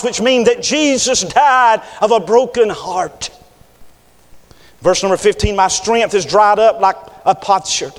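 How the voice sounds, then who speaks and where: A man preaching a revival sermon, swinging from loud, impassioned scripture reading to hushed, intimate appeals. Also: high voice, long reverb tail. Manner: reads scripture in King James wording with fervor.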